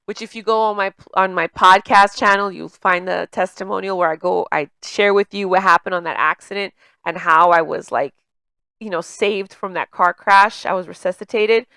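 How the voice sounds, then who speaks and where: A woman speaks as a life coach in a loose, conversational way, full of "you know" and "like". She has a slight stutter and repeats words partway through a sentence. Her voice is smooth and resonant, recorded close with a dry sound. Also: mid-range voice, steady tone, normal speed, pushed and bright, no echo. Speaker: emotional intelligence coach. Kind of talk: casual coaching monologue.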